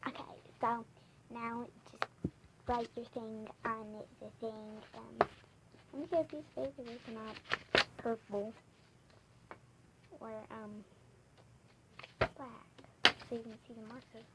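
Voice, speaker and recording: A young girl hosts a playful crafts vlog, giggling, rambling and slipping into whispers now and then. Her voice sits fairly high and she speaks slowly. The home recording carries clear background noise. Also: fairly even intonation. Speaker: vlogger.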